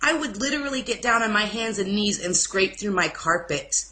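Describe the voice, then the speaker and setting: Bright-voiced young woman telling her story. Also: medium pitch, expressive, a little hiss or hum, poor audio. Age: young adult. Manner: emotional, halting, with restarts and apologies. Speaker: interview guest. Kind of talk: personal testimony in an informal interview.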